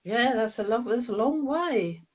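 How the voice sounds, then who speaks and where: A woman's voice: fairly high pitch, lively intonation, measured pace. A woman hosting a casual live video as a medium, chatting, laughing and reading out viewers' comments. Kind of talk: casual live-stream chat.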